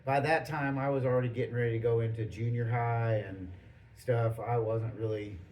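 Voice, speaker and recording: A man hosting a podcast, telling stories in a rambling, animated way full of restarts and acted-out quotes. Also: mid-range voice, normal speed, dull audio, a little hiss or hum. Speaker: podcast host. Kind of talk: casual storytelling chat.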